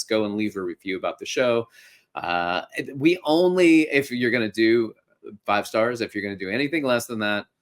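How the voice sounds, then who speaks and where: A middle-aged man hosting a podcast, giving casual, upbeat coaching advice with a joking streak. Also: lowish voice. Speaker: podcast host and fitness instructor.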